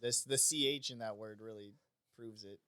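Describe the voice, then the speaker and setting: A man's voice: fairly low pitch, fairly even intonation, moderate pace, pushed and bright, clean tone, dry recording, studio quality. A man co-hosting a podcast in casual chat, teasing and asking lots of questions. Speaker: podcast co-host.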